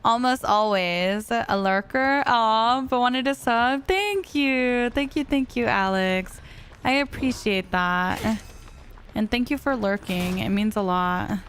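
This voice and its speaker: A woman's voice: a little high, expressive, slow pace, fairly bright tone, a little hiss or hum. A woman streaming a game live, chatting casually and answering her viewers between plays. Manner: chatty, reads chat aloud and answers viewers. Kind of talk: live gameplay commentary.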